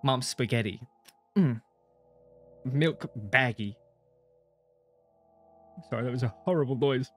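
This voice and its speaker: A man's voice: mid-range voice, fairly quick, darkish tone, soft background music. Young man reading a visual novel aloud. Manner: casual, swears often, laughs between lines. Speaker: gaming streamer.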